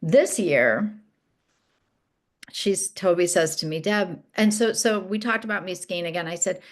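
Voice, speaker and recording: A middle-aged woman co-hosting a podcast, telling a personal story in casual chat and acting out what others said. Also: unhurried. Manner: animated storytelling, acts out quoted friends in a higher voice. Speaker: podcast co-host.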